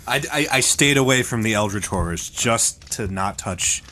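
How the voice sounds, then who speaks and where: A man's voice: fairly low pitch, expressive, moderate pace, pushed and bright, a little hiss or hum. A man co-hosting a comedy podcast, telling a story in a dry, mock-epic style and joking with the others. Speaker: podcast co-host.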